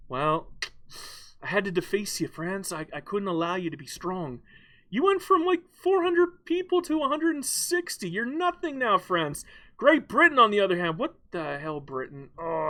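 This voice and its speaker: A man's voice: high-pitched, fairly bright tone. A man giving casual, playful and boastful commentary while playing a strategy game, rambling with frequent restarts. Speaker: gaming YouTuber.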